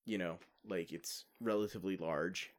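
A man's voice: sits low, steady tone, moderate pace. A man chatting casually on a podcast, laid-back and full of fillers, with the occasional swear word. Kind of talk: casual chat.

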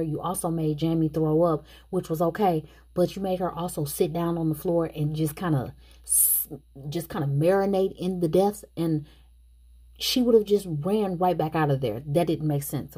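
A woman's voice: deep voice, steady tone, moderate pace, mellow, slightly rough. A woman casually recapping a movie plot and chatting her opinions straight to the viewers. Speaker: movie reviewer.

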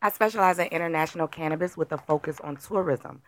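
A woman's voice: deep voice, quick pace, a loud crowd. A woman guest on a podcast, explaining her business in a polite, businesslike way. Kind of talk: casual interview.

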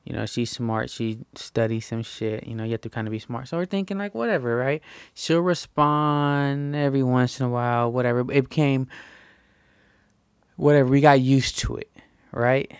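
A young man telling a rambling, slangy story, often tagging "right?" and jumping high in pitch when he quotes himself. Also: clean tone, no echo, clean studio sound. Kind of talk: casual anecdote.

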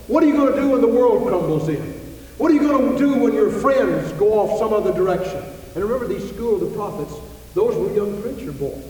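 Recorded in a church with echoey hall reverb and slight background noise, a man delivers a sermon to his congregation. His voice sits high, mellow and animated, fairly quick, emphatic, and packed with rhetorical questions.

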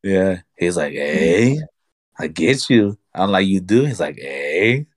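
Casual male co-host, lowish voice, lively storyteller who plays out both sides of a chat, dry close mic. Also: takes it slowly, no room sound. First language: Spanish. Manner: animated storyteller, acts out dialogue, laughs often. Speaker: podcast co-host.

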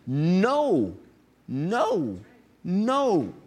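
With a high voice carrying a breathy edge, a male preacher gives a spirited sermon. He reads scripture slowly for emphasis and drops call-and-response asides to the congregation.

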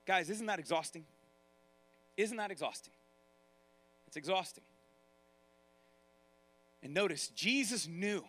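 A man preaching a sermon to his congregation in a lively way, speaking straight to them and acting out the voices of the people in his stories. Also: sits high, measured pace, pauses often. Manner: animated, acts out quoted voices, talks straight to the congregation. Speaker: pastor.

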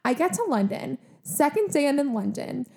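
Animated young woman telling a story. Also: high voice, normal speed, vocal fry. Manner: animated, heavy use of "like", acts out quotes. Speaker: podcast co-host. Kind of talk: casual storytelling chat.

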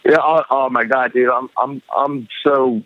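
A man's voice: medium pitch, fairly even intonation, a loud crowd. Stammering man on a dull headset call. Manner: halting, stammering, lots of restarts. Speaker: guest artist. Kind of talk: casual chat. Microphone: headset over a call.

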